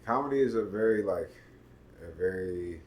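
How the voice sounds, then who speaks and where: Brief: very deep, relaxed man, casual chat, filler-heavy, volume swings. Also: normal speed, slight background noise. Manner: laid-back, lots of "you know what I'm saying", swings loud and soft. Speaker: podcast co-host.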